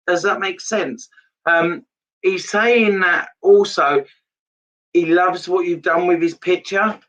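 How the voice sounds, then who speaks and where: A man's voice: high-pitched, slow pace, fairly bright tone, recorded from a distance, muffled recording. A man giving a live psychic reading, earnest and repetitive in his phrasing. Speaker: medium.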